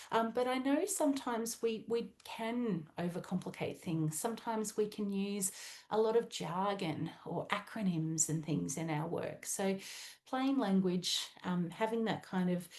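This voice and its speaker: A woman's voice: mid-range voice, a little mellow. Chatty Australian woman presenting. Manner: chatty, conversational, with frequent "um". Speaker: webinar presenter. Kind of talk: presenting a webinar talk.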